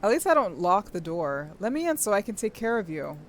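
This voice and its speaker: A young woman reads a game's story aloud on a stream at a fairly quick pace in a medium-pitched voice. She keeps breaking off into gushing, excitable commentary full of squeals and laughter.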